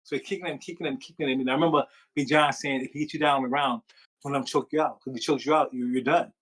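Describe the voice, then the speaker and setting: Former boxer guest, male, quick and rambling, full of asides. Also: medium pitch, rough recording. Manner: rambling, animated storytelling with many fillers. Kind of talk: storytelling interview.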